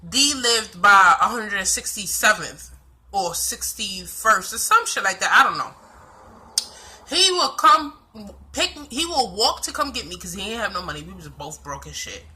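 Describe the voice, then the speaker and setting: A woman's voice: mid-range voice, lively intonation, measured pace, bright, forceful tone. A young woman from the Bronx with a New York accent, telling a personal story to camera in a blunt, profane, slang-heavy way. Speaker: vlogger.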